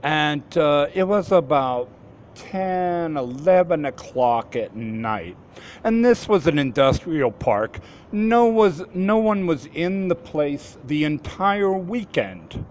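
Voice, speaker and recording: A man in his fifties recounts a personal story at an unhurried, drawn-out pace. His voice sits a little high for a man, and he often trips over his words and starts sentences again. A faint hiss runs underneath. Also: expressive, darkish tone. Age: 50s. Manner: halting, with frequent restarts and repeated words. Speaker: formerly homeless man recounting an experience.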